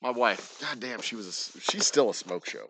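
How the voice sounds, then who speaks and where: This forties-aged distillery owner and channel host has an animated, mid-range voice at a moderate pace. His casual storytelling about his own life rambles, jokes and curses, against a noisy, clicky background.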